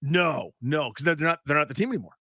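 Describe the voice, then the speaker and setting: A man's voice: a little high, bright, forceful tone, dry recording, studio quality. A male sports radio co-host reading listener questions and giving emphatic opinions in casual talk. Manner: emphatic, quick opinions, does impressions.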